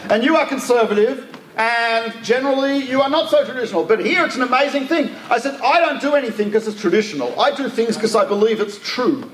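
A man with an Australian accent, a rabbi telling anecdotes in a lively religious talk, often restarting his sentences. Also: very high voice, brisk, roomy sound, slight background noise. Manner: animated anecdotal storytelling with restarts.

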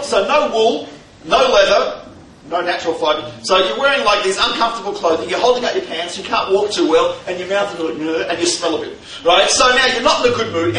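Brief: male lecturer, very high, bright voice, animated with rhetorical questions, recorded from far off in an echoey hall. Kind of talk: humorous lecture to a live audience. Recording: echoey hall, distant mic, faint noise.

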